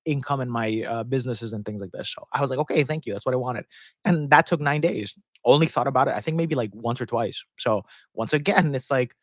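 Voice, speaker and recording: A man rambles through a relaxed live-stream Q&A, often breaking into laughter mid-sentence. His voice sits at a middling pitch and is picked up close on the microphone. The sound is dry, with no room echo. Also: a little fast. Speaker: host answering viewer questions. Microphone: close desk microphone.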